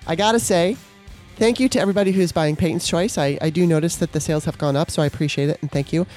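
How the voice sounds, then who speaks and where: A woman's voice: on the low side, fast talker, a little mellow, faint music behind. A woman hosting a podcast, talking on her own in a casual way, passionate and worked up, with swearing. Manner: impassioned, worked up, swears freely. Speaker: podcast host. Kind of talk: casual solo talk.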